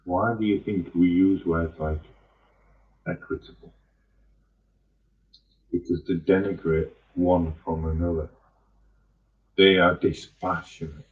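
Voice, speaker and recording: A man's voice: deep voice, far from the mic, narrow, tinny audio. A man in a rambling, profane, angry monologue. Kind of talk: ranting monologue.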